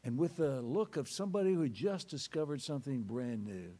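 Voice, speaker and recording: A man's voice: lively intonation, a little fast, mellow. A man pastor giving a sermon with dramatic storytelling, reading scripture and telling a story. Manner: dramatic storytelling with sweeping pitch swings.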